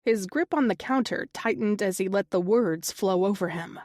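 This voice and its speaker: A woman narrating an audiobook romance in a steady, even storytelling voice. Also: mid-range voice, normal speed, no room sound, clean studio sound. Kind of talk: scripted narration.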